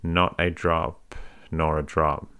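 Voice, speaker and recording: Man playing a pompous fat beadle, storybook, very deep voice, flat delivery. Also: slow pace, clear, resonant tone, exaggerated voice. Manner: pompous, orotund. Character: fat pompous self-important male parish beadle. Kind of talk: bedtime story reading.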